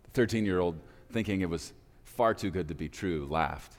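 Brief: male preacher, very deep voice, dramatic pauses, reverberant hall. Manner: dramatic pauses, slowing for emphasis. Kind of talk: sermon storytelling. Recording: reverberant hall with faint music.

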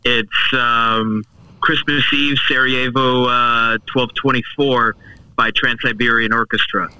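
Blunt man with a bright, sharp voice. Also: mid-range voice, fairly even intonation, unhurried, clean tone, no room sound, poor audio. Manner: blunt, swears casually. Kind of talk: casual chat.

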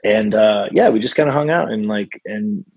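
A man's voice: fairly low pitch, normal speed, creaky, husky, dry recording, dull audio. A male songwriter as a guest in a casual interview, rambling with many fillers and restarts.

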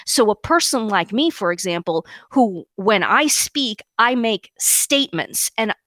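A woman co-hosting a podcast, talking in firm, emphatic statements that drop in pitch at the end. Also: expressive, unhurried, sharp tone, no room sound. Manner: emphatic, declarative, downward-inflected statements. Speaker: podcast co-host. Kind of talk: opinionated podcast commentary.

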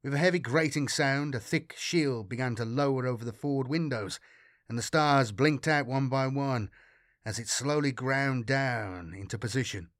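A man narrates a science fiction audiobook in a measured, dramatic way. His voice sits in an average pitch and is recorded dry and close, with no room sound. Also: a bit bright, dry recording.

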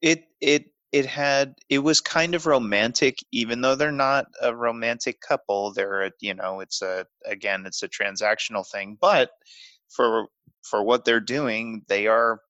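Man, bright voice, rambling, filler-heavy, dry sound. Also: mid-range voice, a little slow, no echo, muffled recording. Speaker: podcast co-host. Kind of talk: casual film discussion.

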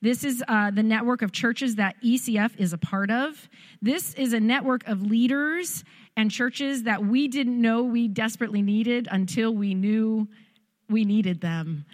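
A woman's voice: a little high, measured pace, long reverb tail. A woman church leader introducing visiting guests in a thankful, chatty way. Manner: warm, thankful, chatty with fillers.

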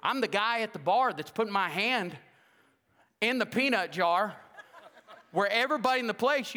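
A pastor delivers a humorous sermon full of storytelling in a church sanctuary, his high, sharp voice carrying far. Jokey and animated, he acts out the dialogue of the people in his stories, while a long reverb trails each phrase through the room.

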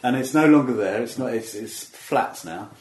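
A man's voice: medium pitch, expressive, normal speed, a little mellow, a little hiss or hum. Rambling man in a roomy space. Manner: rambling, self-deprecating, restarts often. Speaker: comedian guest. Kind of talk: casual interview chat. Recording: roomy echo.

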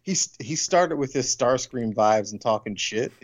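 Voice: medium pitch, expressive, moderate pace. A podcast co-host chatting casually about a cartoon, laid-back and swearing freely.

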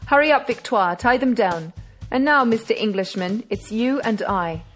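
A woman's voice: on the high side, lively intonation, normal speed, faint music behind, natural voice. A woman reading the lines of a hot-tempered master thief in an audiobook, intense and commanding. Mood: defiant.

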